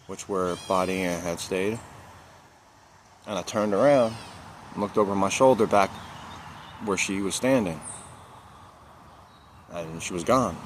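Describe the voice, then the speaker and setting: A man with a somewhat low voice tells a personal story in a loose, casual vlog manner. He leans on slang and repeats lines for emphasis. Steady background noise and passing vehicle sounds sit under his voice. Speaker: vlogger.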